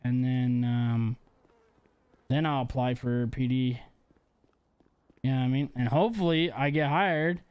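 A man's voice: medium pitch, fairly even intonation, unhurried, pauses often, a little mellow, clean tone, no room sound. A young man livestreaming a game, chatting playfully with his audience and his baby son, with faint music behind him. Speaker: livestreamer and father. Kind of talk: casual gaming livestream chat.

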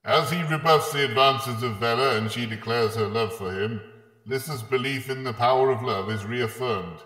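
A man tells an absurd villainous scheme with gleeful relish, and his voice is neither high nor low. The room around him is echoey, with a long tail of reverb after each phrase. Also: normal speed, bright, forceful tone. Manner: gleeful, playfully villainous storytelling. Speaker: podcast co-host. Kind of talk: comedic scheme narration.

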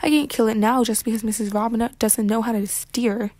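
A woman's voice: fairly high pitch, steady tone, fairly quick, mellow, no room sound, natural voice. A woman voicing a polite, earnest young male gardener. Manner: polite, eager to please.

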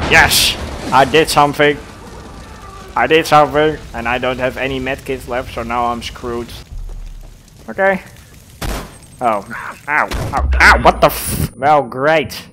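A man giving casual, excitable gameplay commentary, swearing and laughing often. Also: mid-range voice. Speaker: let's play gamer.

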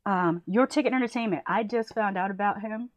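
A woman from the United States, a movie reviewer, chatting casually and enthusiastically while giving shout-outs to other channels. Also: medium pitch, a little fast, no room sound, highs cut off.

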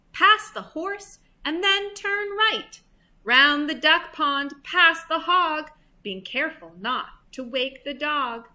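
A little storybook ladybird, brave and helpful, speaking in an eager rush, voiced by a woman reading aloud. Her high voice has a bright edge and bounces up and down. She sounds in a hurry to tell everyone. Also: exaggerated voice. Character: tiny brave female ladybird, urgent and helpful.

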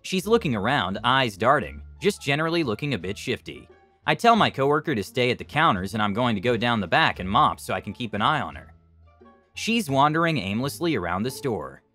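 A man narrating online stories in a scripted, expressive storytelling style. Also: mid-range voice.

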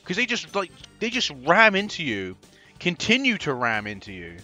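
A man giving excitable, foul-mouthed gameplay commentary as host of a gaming video. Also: high voice, normal speed, faint music behind. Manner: excitable, swears constantly, laughs often.

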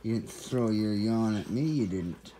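Young man, casual, teasing, exasperated, low voice, dog noises behind. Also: unhurried, dark tone. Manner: teasing, exasperated, calls dogs dude and weirdo. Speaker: dog owner vlogger. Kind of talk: casual talk to his dogs. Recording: dogs, clicks and noise behind.

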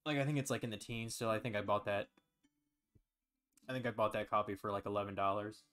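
Man, lowish voice, casual rambling stream chat, fillers and swearing, faint music behind. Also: fairly even intonation, fast talker, a bit bright.

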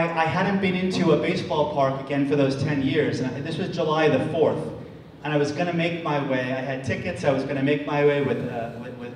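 A man from the United States, in his forties, telling a story to an audience with many pauses and repeated words. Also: a little high. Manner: halting, repeats words, restarts often. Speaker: speaker. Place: large hall. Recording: echoey hall, distant mic, faint noise.

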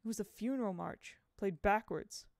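A woman's voice: medium pitch, normal speed, vocal fry, darkish tone, no echo, studio quality, lightly acted. A woman voicing a frightened young boy who pleads urgently in a breathless rush. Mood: anxious.

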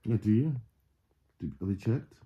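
A man's voice: on the low side, expressive, normal speed, dark tone, slightly rough, lo-fi sound. A man in casual home banter, explaining things in a dry, teasing way. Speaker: vlogger's partner. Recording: echoey room, crowd noise behind.

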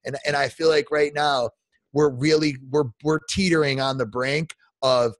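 A man's voice: a little high, steady tone, normal speed, no room sound. A man in his forties, a podcast guest, delivering an impassioned rant with emphatic restarts and repeats. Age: 40s.

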